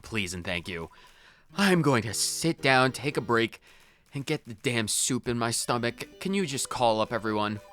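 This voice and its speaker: A man's voice: medium pitch, lively intonation, moderate pace, fairly bright tone, soft background music. A man ranting in exasperation as he role-plays his character while playing a game. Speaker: let's play streamer. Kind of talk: in-character role-play commentary.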